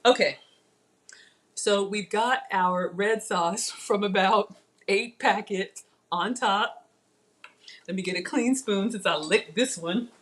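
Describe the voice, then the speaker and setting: A woman's voice: mid-range voice, takes it slowly, long pauses, fairly bright tone. A woman hosting a live cooking demo, chatting to her viewers while she cooks in a playful, self-teasing way. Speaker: cooking livestream host.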